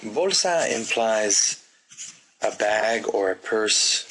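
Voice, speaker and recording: A man teaching a grammar lesson, talking slowly and deliberately and pausing for the listener to repeat after him. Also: on the low side, animated, fairly bright tone, a little hiss or hum, rough recording. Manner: slow, deliberate drilling with pauses for repetition. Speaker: Spanish teacher.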